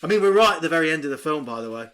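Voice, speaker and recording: A man co-hosting a casual film podcast, recapping the plot in an animated, sweary way and putting on quick mock voices. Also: on the high side. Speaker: podcast co-host. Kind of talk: casual film review chat.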